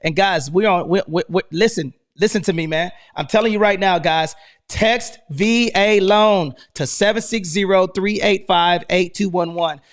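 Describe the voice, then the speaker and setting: An American man hosting a live online room, talking in a hyped, loud, energetic way and saying "man" after almost every line. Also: high voice, moderate pace. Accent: American English. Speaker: host.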